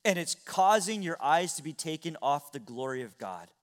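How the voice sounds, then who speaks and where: A middle-aged man preaching from the pulpit with a notably high voice. He moves earnestly between near-whispered passages and ringing, raised exclamations. The sound is of a sermon given in a church. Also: lively intonation, normal speed. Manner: earnest preaching, swings from hushed to loud. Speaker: pastor. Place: church sanctuary.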